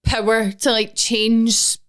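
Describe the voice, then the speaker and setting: A woman's voice: fairly high pitch, level tone, slow pace, fairly bright tone. A Scottish woman in her twenties, chatting casually as a podcast guest, self-deprecating and full of "like" fillers. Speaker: guest, social media influencer.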